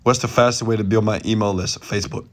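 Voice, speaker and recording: A man who mentors and runs businesses is streaming a late-night live Q&A while lying in bed at home. He talks fast in a lowish, steady voice, rambling off the cuff with real passion and frequently raising his volume.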